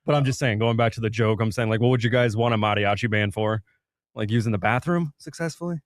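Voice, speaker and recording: A man's voice: on the low side, quick pace, no echo, clean studio sound. A man in his late thirties co-hosting a radio show, bantering in a wry, joking way. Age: 30s. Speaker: radio co-host.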